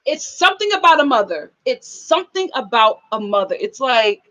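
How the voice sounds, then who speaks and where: A young adult woman chatting casually as she reviews a reality show, emphatic and animated, acting out the scenes she describes. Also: on the high side, normal speed, highs cut off.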